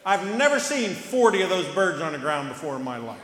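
A man leading a children's sermon in church, playful and animated, asking the kids lots of questions. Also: fairly high pitch, a little fast. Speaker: pastor giving children's sermon. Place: church sanctuary. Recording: reverberant church hall.

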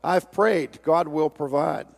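A man's voice: a little high, slow pace, creaky, in a large hall, heavily acted. A man voicing a stubborn old man who keeps refusing rescue and insists he has prayed. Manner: insistent, repeating himself.

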